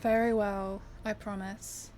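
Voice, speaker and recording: A woman's voice: mid-range voice, little pitch movement, slow, a little mellow, faint music behind. A woman giving casual, hesitant let's-play commentary, thinking aloud as she picks dialogue choices. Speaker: gamer playing through a story game.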